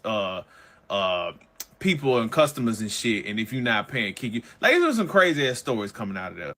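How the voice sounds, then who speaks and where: Lively, bright-voiced male commentator ranting. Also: mid-range voice. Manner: heated, profane, slangy ranting. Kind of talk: casual reaction commentary.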